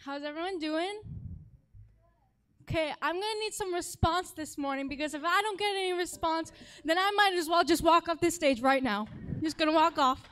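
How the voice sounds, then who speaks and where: A young woman speaking to a church congregation from the stage, telling a humorous story in an animated, dramatic way that exaggerates for laughs. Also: very high voice, moderate pace. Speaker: worship leader giving a talk.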